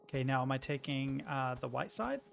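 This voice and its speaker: A young man livestreaming gameplay and talking to his chat, excitable, yelling then muttering to himself. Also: medium pitch, fairly quick, vocal fry, a little hiss or hum. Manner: excitable, yelling, swings between shouting and muttering. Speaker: game streamer. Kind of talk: live-streamed gameplay commentary.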